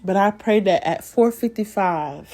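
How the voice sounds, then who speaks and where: A woman's voice: medium pitch, unhurried, mellow. A young woman hosting a faith podcast, giving an emotional, encouraging devotional talk with preacher-like repetition. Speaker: podcast host.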